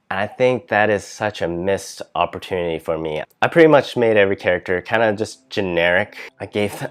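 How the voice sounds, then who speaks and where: A man hosting a casual writing vlog, chatty and thinking aloud, his voice dipping at the ends of phrases. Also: deep voice. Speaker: vlog host, writer.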